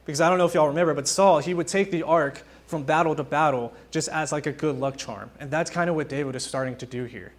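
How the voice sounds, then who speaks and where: A young man preaches a casual, conversational sermon, telling stories animatedly and acting out quotes. His voice is fairly high, and he talks fast with few pauses.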